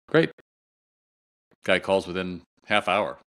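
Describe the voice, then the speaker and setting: Animated storytelling man, bright low voice. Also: slow pace, long pauses, smooth. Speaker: guest retail consultant. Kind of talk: storytelling in a podcast interview.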